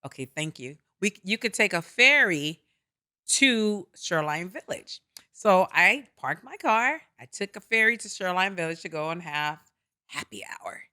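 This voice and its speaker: A woman, telling a funny story in a lively, joking way in casual talk. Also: on the low side, moderate pace. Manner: lively, bright storyteller who laughs and jokes. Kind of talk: casual chat.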